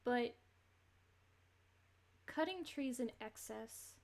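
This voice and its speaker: A woman's voice: a little high, expressive, extremely slow, creaky, darkish tone. A woman streamer giving casual, rambling gameplay commentary, laughing between thoughts.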